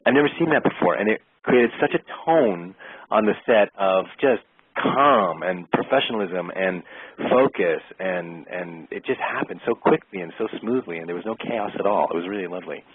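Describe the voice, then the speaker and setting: A middle-aged man, an actor and interview guest, telling a lively anecdote and acting out the exchanges he describes. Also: low voice, moderate pace, husky, no echo. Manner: lively storyteller who acts out quoted exchanges. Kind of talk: casual storytelling anecdote. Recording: tinny phone-line sound, dry.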